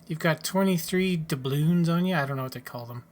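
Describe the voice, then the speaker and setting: Wry, mumbling gaming commentator. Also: male voice, on the high side, a little fast, darkish tone, faint music behind. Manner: wry, offhand, mutters asides. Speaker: gaming YouTuber. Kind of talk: casual let's-play commentary.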